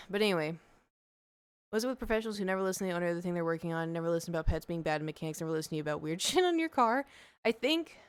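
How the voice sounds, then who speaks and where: On her livestream, a young woman tells a story casually, chatty and animated, slipping in and out of quoted voices. She talks at a racing speed in a fairly low, smooth, clear voice. The sound is dry and close, with no echo.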